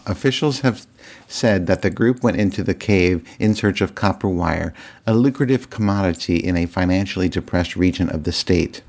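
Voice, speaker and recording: A man's voice: deep voice, darkish tone. A man telling a rambling, casual story to his viewers, with lots of fillers and restarts and chuckling at his own tale. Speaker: vlogger.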